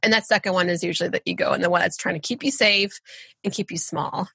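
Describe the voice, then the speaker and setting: A woman's voice: fairly low pitch, steady tone, fast, creaky, fairly bright tone, slightly rough, dry recording. A woman guest on a podcast, speaking earnestly and encouragingly about intuition in casual conversation.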